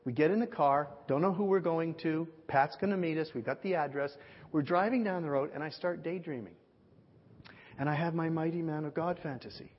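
Pastor type, man, slightly high and husky voice, spins animated anecdotes from the pulpit. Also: fairly quick. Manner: animated storyteller, acts out dialogue. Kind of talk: sermon storytelling. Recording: muffled sound with long hall reverb.

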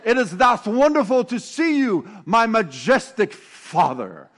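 A man's voice: high-pitched, big pitch swings, a little slow, pitched above the performer's own voice, exaggerated voice. A man voicing a young girl who addresses her father in grand, mock-formal, theatrical tones. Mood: mock-solemn. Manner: theatrical, overly solemn.

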